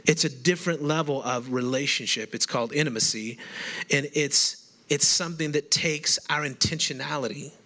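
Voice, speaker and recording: A man's voice: on the high side, normal speed, pushed and bright. A male pastor giving a sermon who speaks emphatically and builds his points one after another.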